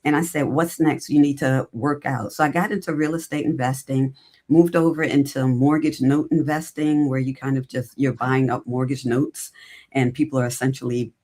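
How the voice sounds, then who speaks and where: Lively woman telling her career story. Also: extremely low pitch, normal speed. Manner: animated, acts out her own past dialogue. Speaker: podcast guest, recruiting entrepreneur. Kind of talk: casual storytelling interview.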